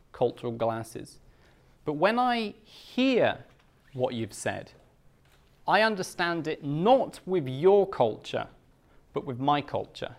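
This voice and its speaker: A British man explaining culture to language learners, stretching key words slowly and deliberately. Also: fairly high pitch.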